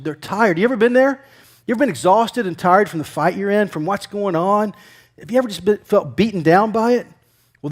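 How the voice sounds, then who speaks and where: Male pastor, high voice, conversational sermon, loud emphasis then quiet asides. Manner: conversational preaching, asks the congregation questions; swings between loud emphatic lines and quiet near-whispers.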